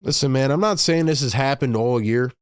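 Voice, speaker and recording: A man's voice: medium pitch, fairly quick, smooth, dry recording, studio quality. A man hosting a live fan broadcast, calling the plays and scolding the team in exasperation. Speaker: host calling live play-by-play. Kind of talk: fan play-by-play and rant.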